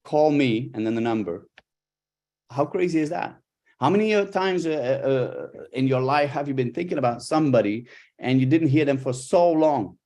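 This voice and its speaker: Middle-aged male coach, live workshop delivery, animated intonation, mid-range pitch. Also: moderate pace. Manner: expressive, lively intonation, talks with hands. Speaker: body language coach.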